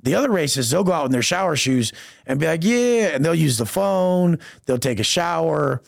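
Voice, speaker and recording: A man's voice: fairly high pitch, lively intonation, moderate pace, gravelly, no room sound. A man as a podcast guest, telling stories in casual, profane street slang and acting out the people he quotes. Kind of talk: casual storytelling interview.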